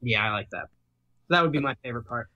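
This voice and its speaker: A man's voice: mid-range voice, lively intonation, quick pace, bright, forceful tone, dull audio. A man co-hosting a casual movie podcast, reflecting thoughtfully and quoting characters. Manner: thoughtful, quotes characters in passing. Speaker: podcast co-host. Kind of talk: casual movie-review chat.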